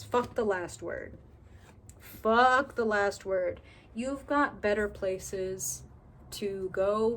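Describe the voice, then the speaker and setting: A woman's voice: medium pitch, a little hiss or hum. Chatty woman reading tarot, swearing freely. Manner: chatty, candid, swears freely, acts out inner voices. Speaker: tarot reader. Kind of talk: casual tarot reading to camera.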